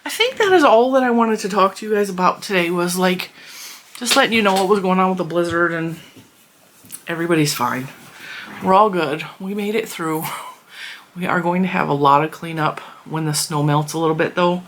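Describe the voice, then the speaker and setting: Chatty woman vlogger, slightly low voice. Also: a little fast, a little hiss or hum. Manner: chatty, rambling, with frequent fillers and restarts. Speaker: crochet vlogger. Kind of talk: casual chat.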